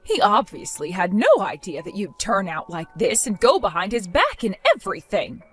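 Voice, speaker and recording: A woman's voice: medium pitch, very animated, moderate pace, fairly bright tone, slightly rough, faint music behind. A woman voicing a stern, scornful older mother-in-law who scolds and accuses. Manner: cold, scolding, contemptuous. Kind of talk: text-story voice acting.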